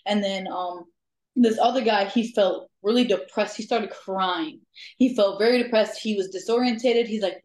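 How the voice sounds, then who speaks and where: A woman guest telling ghost-hunting stories in casual chat, lively, laughing often and filling pauses with "um". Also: medium pitch. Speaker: guest, amateur ghost hunter. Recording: echoey room.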